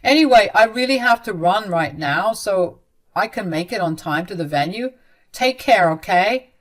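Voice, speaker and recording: A woman voicing a dismissive young man who speaks in a flat, curt, matter-of-fact way. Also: medium pitch, moderate pace. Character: cold adult son, a young man, dismissive.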